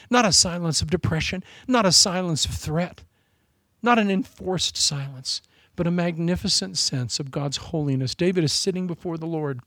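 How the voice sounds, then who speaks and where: A man preaching a sermon with passion, drawing out his phrases and dropping from loud emphasis to hushed whispers. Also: on the high side, no echo. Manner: drawn-out, deliberate phrasing.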